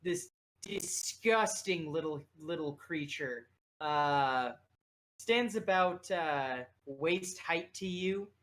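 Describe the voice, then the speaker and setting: A man runs a tabletop game in a casual, rambling way, full of fillers. His voice is bright and his pace unhurried. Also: a little high. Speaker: game master.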